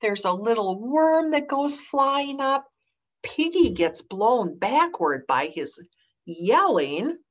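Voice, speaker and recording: A woman librarian reads a picture book aloud to preschoolers, animated and playful, stopping to ask the children questions. Her pitch moves widely, and she keeps a slow, easy pace.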